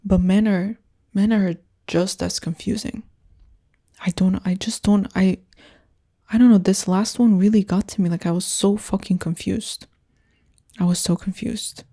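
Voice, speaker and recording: A young woman from Canada talks through her dating woes on her own podcast, candid and rambling. Her voice is mellow and warm, at a middle pitch for a woman. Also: steady tone, a little slow. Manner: candid, rambling, frustrated venting. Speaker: podcast host. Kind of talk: casual solo podcast chat.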